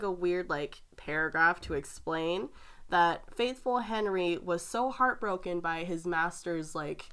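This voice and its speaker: A woman in casual chat, retelling a fairy tale with frequent giggles and animated storytelling. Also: lowish voice, clean tone.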